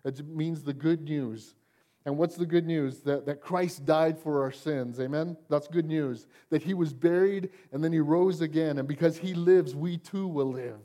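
A man's voice: on the high side, a little slow, mellow. A male pastor preaching a sermon in a church, talking conversationally and often asking the congregation "Amen?". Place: church sanctuary.

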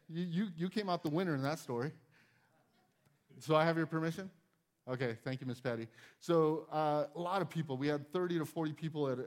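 A man's voice: mid-range voice, a little mellow. A man preaching a conversational sermon as pastor, acting out small scenes and addressing his congregation directly. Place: church.

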